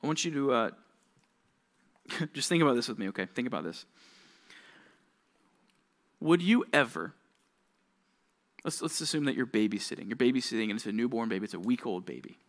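A man's voice: medium pitch, animated, a little fast, long pauses. A young man, a youth pastor, giving a casual, conversational sermon to teenagers, full of rhetorical questions.

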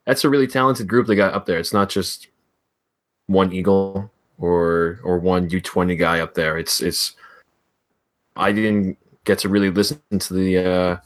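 A man's voice: low voice, fairly even intonation, moderate pace. A man co-hosting a casual sports podcast, hedging his points with plenty of fillers. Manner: hesitant, hedging, filler-heavy. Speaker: podcast co-host.

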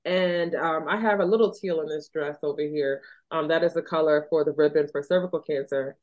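A woman's voice: low voice, steady tone, fairly quick, a little mellow, lo-fi sound. A woman from Philadelphia, a doctor hosting a podcast, talking in an earnest, chatty way full of "like" and "you know.". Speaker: podcast host and OB-GYN doctor. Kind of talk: casual podcast chat.

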